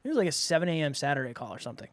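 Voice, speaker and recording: A man co-hosting a podcast in casual chat, relaxed and chatty with a self-deprecating tone. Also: fairly high pitch, rapid-fire, no echo, clean studio sound. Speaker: podcast co-host.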